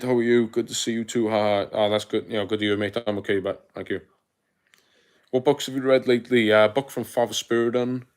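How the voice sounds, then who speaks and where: A young man with a South Welsh accent, chatting live to his viewers and reading their comments aloud. He talks in a relaxed, easygoing way, dropping slang like "mate" between answers. His voice sits a little on the low side. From South Wales. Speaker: livestreamer. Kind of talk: casual live-stream chat reading comments.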